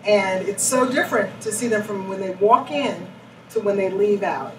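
A woman, a chief executive, answering questions in a live panel interview with animated storytelling. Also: mid-range voice, moderate pace. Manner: animated storytelling, acts out quoted voices. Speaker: CEO interviewed on stage. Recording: echoey room, distant mic, noisy.

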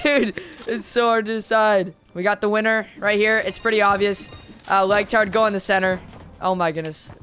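A man's voice: sits high, a bit bright, clean tone. A young man hosting and judging a talent show in a gaming video, gushing with repeated exclamations and lots of "like". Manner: enthusiastic, repeats exclamations, filler "like". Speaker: host and judge of a talent show. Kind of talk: excited gaming video commentary.

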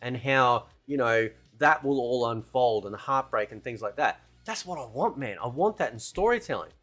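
A man's voice: mid-range voice, expressive, normal speed, fairly bright tone, faint music behind. A man giving casual, rambling opinion commentary as a gaming channel host, often tagging "right?" and "man" onto his sentences.

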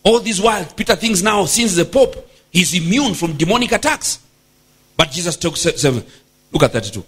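Emphatic high-voiced male preacher. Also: animated, a little fast, a bit bright, breathy edge. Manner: emphatic, exclamatory, frequent hallelujahs. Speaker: bishop. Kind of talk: sermon.

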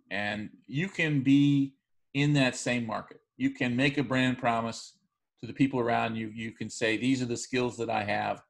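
A male college instructor giving a recorded online lecture, speaking in a measured way with frequent fillers and restarts. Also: medium pitch, vocal fry.

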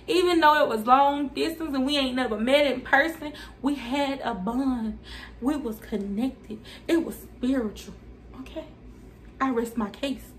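A young woman telling a story time to her viewers in a casual, dramatic, animated way. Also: high-pitched, measured pace, slight background noise.

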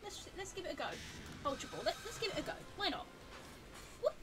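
A woman giving chatty live commentary while she plays a video game, talking to the game and rising into flustered high squeals. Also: sing-song, fairly quick, over music. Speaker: game streamer.

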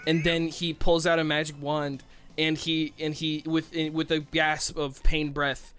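A man's voice: on the high side, little pitch movement, unhurried, fairly bright tone. Joking man narrating a silly role-play. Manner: joking, rambling, self-interrupting. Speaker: co-player.

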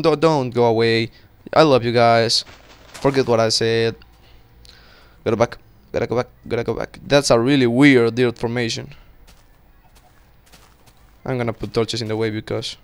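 A young man giving casual, excitable commentary while playing a game, swearing and talking to himself. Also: mid-range voice, clean tone. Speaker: gaming channel host.

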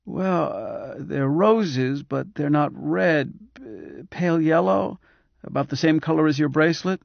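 A man's voice: on the high side, creaky, no room sound, muffled recording, pitched above the performer's own voice. A man doing a reedy, whispery, bedridden cyborg man. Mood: weak. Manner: slow, hesitant, strained. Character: frail bedridden cyborg man, weak and resentful.

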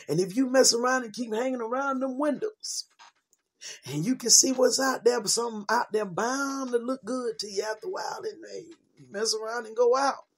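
A woman's voice: on the high side, a little mellow, breathy edge. A woman preacher giving an informal sermon, repeating her lines for emphasis and calling listeners sweetheart and baby.

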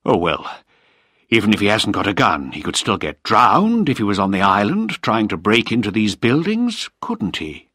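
A man reading a story aloud, voicing a calm, menacing nobleman. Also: on the low side, moderate pace, no echo, clean studio sound. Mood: calm menace. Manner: calm, cool. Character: calm, menacing male lord, villain.

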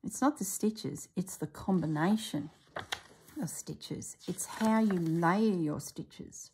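A rather low-voiced woman leafs through a craft book and talks it over in a relaxed, chatty way. She exclaims and muses aloud, often leaving sentences half-finished. A faint hiss of noise sits under her voice. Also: takes it slowly. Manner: exclaims and muses aloud while browsing, trails off mid-sentence. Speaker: craft vlogger reviewing a book. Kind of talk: casual chatty book review.

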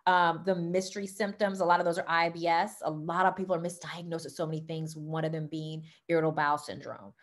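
A Southern-accented woman from Louisiana who gives an excitable, chatty talk about wellness products, peppering it with y'all and okay. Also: low voice, quick pace, hardly any pauses. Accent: Southern American. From Louisiana, United States. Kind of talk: casual product talk to camera.

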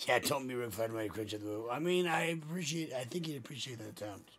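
A male streamer, hoarse from illness, chatting loudly and excitably over gameplay. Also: medium pitch, quick pace, faint music behind. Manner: loud, excitable. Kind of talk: casual gameplay chat.

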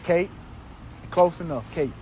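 An indignant man with a fairly high voice argues and narrates on a residential street. He films on a handheld phone and keeps repeating himself in disbelief, with a faint hiss of background noise. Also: takes it slowly, mellow. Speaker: person filming a street dispute. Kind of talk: heated street confrontation and vlog commentary. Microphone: handheld phone camera.

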